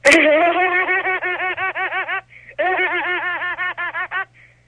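A woman from Brooklyn leaves a teasing, giggly voicemail message. Her high voice sounds thin and phone-like with no room around it. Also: steady tone, very slow, no room sound. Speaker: caller leaving a voicemail. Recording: dry tinny phone voicemail.

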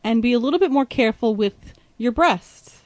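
A woman's voice: a little high, animated, a little fast, darkish tone, dry recording. A woman hosting a frank, casual chat, talking bluntly and teasing. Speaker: host.

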